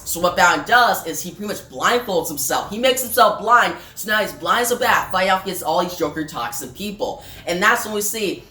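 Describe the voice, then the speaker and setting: A woman casually recapping a comic issue in an excited, chatty way, in a roomy room with faint music. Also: mid-range voice, fairly quick, hardly any pauses. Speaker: comic book reviewer.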